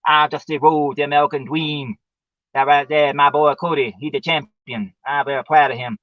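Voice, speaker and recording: A man's voice: a little high, fairly even intonation, moderate pace, no echo, muffled recording, natural voice. A man doing a swaggering old wrestler. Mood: proud. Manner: swaggering, brags about his son. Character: boastful old male pro wrestler, proud father.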